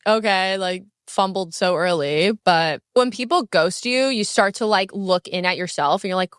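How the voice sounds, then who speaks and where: A woman's voice: normal speed, a bit bright, clear, resonant tone, dry recording, clean studio sound. A young woman hosting a casual solo podcast, telling dating stories in a brash, profane, candid way with sassy asides and sudden bursts of speed. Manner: swinging pitch and bursts of speed. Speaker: podcast host.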